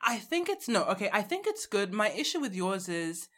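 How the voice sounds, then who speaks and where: A woman co-hosting a podcast in casual chat, animated and teasing, with quick bursts. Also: medium pitch. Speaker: podcast co-host.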